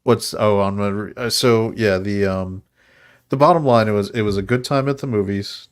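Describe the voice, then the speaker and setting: A man's voice: on the low side, fairly even intonation, moderate pace, smooth. A man co-hosting a podcast in casual chat, explaining film trivia and laughing often. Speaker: podcast co-host.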